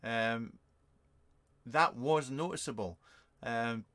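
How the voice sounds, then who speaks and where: A man's voice: medium pitch, takes it slowly, fairly bright tone. A British man over fifty, hosting a casual live vlog from his shed, answering viewer questions in a rambling, sarcastic, self-mocking way with plenty of fillers. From Britain. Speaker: vape reviewer and channel host. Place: home shed. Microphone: webcam.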